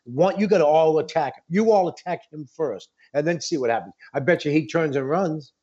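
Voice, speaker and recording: A man's voice: a little high, moderate pace, darkish tone, a little hiss or hum. A middle-aged man chatting casually, rambling and joking, often repeating himself as he gives advice. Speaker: advice-giving show guest. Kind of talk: casual chat. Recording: dull lo-fi sound.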